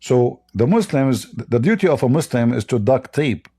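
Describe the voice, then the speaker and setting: A man's voice: medium pitch, lively intonation, moderate pace, mellow, breathy edge. A man hosting a live debate stream, blunt and mocking, speaking English with non-native grammar. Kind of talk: combative live-stream talk.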